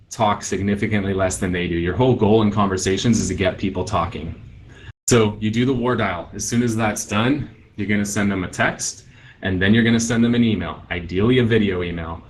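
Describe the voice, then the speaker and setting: Man, low voice, energetic sales coach, conference presentation, acts out calls. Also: rough recording. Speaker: real estate team leader presenting.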